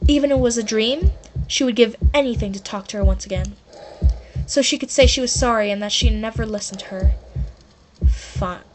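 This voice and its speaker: A woman reading a story game aloud, high voice. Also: quick pace, background noise. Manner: chatty, joking asides to viewers. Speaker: game player and narrator.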